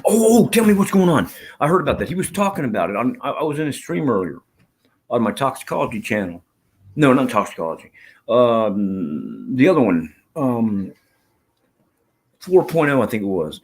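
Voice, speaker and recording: Live stream host, male, husky voice, loose rambling chat peppered with profanity. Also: medium pitch, big pitch swings, normal speed.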